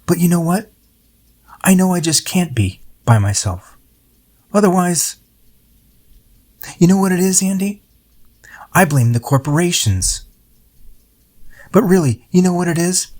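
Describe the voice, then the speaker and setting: A man's voice: high-pitched, expressive, measured pace, long pauses, a little mellow, pitched above the performer's own voice. A chatty, rambling man who drifts from one thought to the next, his voice lifted well above the speaker's own, as a man puts him on. He muses aloud in a loose, friendly way. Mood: musing. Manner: musing, drifting between thoughts.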